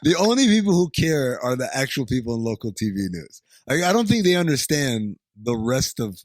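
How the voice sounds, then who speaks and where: A man's voice: mid-range voice, sing-song, brisk, no room sound. A man co-hosting a movie podcast, riffing sarcastically, rambling and swearing with frequent laughs. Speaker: podcast co-host. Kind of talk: casual movie-riffing chat.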